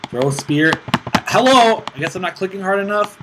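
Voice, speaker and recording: A young man hosting casual gameplay commentary, excitable and self-mocking, swearing often while playing on a laptop with friends nearby. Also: sits high, normal speed. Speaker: gaming channel host. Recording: steady background noise with mouse clicks.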